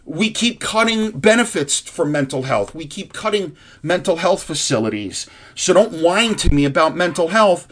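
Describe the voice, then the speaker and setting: A man's voice: on the high side, lively intonation, moderate pace, hardly any pauses, a bit bright. A man delivering an angry, heartfelt ranting monologue to his viewers, profane and rambling with frequent restarts. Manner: earnest and heartfelt.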